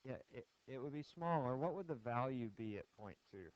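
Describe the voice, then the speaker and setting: This physics lecturer has a mid-range voice with lively intonation and a brisk pace, with a clean tone and no room sound. Speaking in a lecture hall, he poses questions to students conversationally and with jokes, and the audio is a dry, dull lo-fi classroom screencast.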